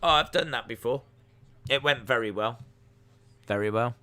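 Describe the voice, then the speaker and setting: A man's voice: mid-range voice, normal speed, bright, forceful tone. A man hosting a live stream, reacting to wrestling in casual commentary, joking and answering chat messages. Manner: jokey, reads out and answers chat.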